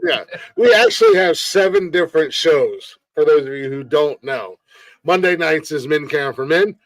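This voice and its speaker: A man hosts a casual comedy news podcast, relaxed and joking, with plenty of fillers. His voice sits a little high for a man and sounds dry and close, with no room around it. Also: moderate pace, vocal fry, no room sound, rough recording. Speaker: podcast host.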